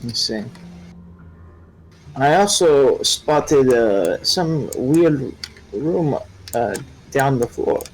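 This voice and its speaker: A man playing a tabletop game, describing things in a halting way. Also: medium pitch, animated, a little hiss or hum, rough recording. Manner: halting, unhurried. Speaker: player.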